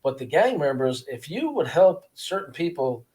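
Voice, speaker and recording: A man, a former prisoner, telling his story in a casual interview with an earnest, halting manner, often repeating words. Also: on the high side, big pitch swings, darkish tone. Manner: earnest, repeats words, acts out guards' voices.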